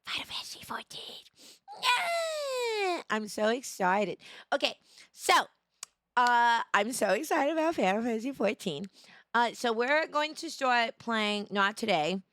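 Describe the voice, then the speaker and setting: A young woman streaming live with a bright, crisp voice that sounds worn and in need of rest. She talks at an unhurried pace, chatty and warm toward viewers she greets by name, and now and then bursts into excited yells. The sound is close and dry. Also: fairly high pitch, no room sound. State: tired voice needing rest. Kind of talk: casual live-stream chat.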